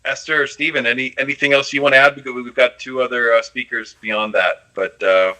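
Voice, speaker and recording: A man hosting an online panel, halting and repeating words as he hands over to guests. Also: mid-range voice, steady tone, pushed and bright, rough recording. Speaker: host.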